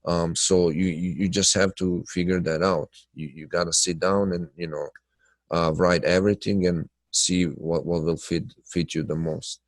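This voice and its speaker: A man's voice: deep voice, steady tone, moderate pace, dry recording. A man hosting a live trading webinar, talking loosely with many fillers and sounding nasal from blocked sinuses. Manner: loose, filler-heavy talk, answering viewers by name. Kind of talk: live webinar chat and chart analysis.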